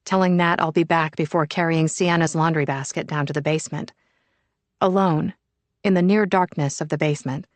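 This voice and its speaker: A woman narrating a first-person thriller audiobook in a measured, even storytelling manner. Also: lowish voice, no room sound.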